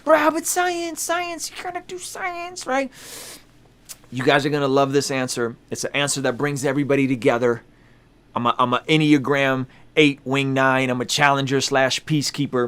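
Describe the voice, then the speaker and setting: A man's voice: mid-range voice, steady tone, a little fast, a bit bright, clear, resonant tone. A man hosting a casual vlog, talking straight to his viewers, emphatic and repeating lines for effect. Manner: addresses viewers directly, conversational slang. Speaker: YouTube host.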